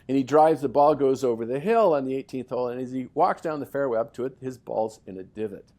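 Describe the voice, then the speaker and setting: An older man co-hosting a podcast, telling lively anecdotes in a casual way with frequent restarts. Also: mid-range voice, fast. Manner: lively storyteller with many restarts. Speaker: podcast co-host.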